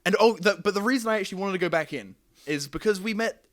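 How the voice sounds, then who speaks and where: A man's voice: sits high, fast talker. A man hosting a podcast, telling a story in a rambling, repetitive way with frequent laughs. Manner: rambling, repeats words, laughs often. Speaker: podcast host. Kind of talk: casual storytelling chat.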